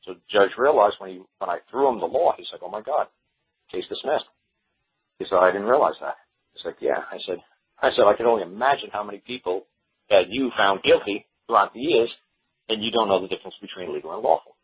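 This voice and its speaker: A man's voice: lowish voice, fast talker, breathy edge. A man telling a story on a radio show, acting out what others said. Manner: animated retelling, acts out quotes of others. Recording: lo-fi phone-like radio recording.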